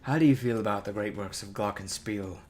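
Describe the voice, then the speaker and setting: A man streaming a game, chatting in a put-on mock-posh voice with deadpan silliness. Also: lowish voice, fairly quick. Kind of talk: casual gameplay commentary.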